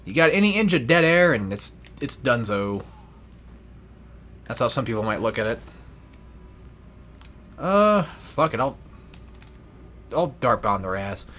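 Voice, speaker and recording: A man's voice: mid-range voice, sing-song, unhurried, pauses often, fairly bright tone, a little hiss or hum. A young man giving casual gameplay commentary, rambling and swearing freely with self-deprecating asides. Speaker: let's play gamer.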